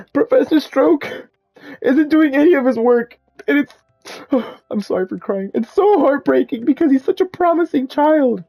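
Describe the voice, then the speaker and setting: A man doing a weepy, high-voiced woman teacher. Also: normal speed, gravelly, dull audio, faint music behind, heavily acted. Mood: tearful. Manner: sobbing, pleading, overly earnest. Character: weepy middle-aged woman math teacher, tearful, pleading.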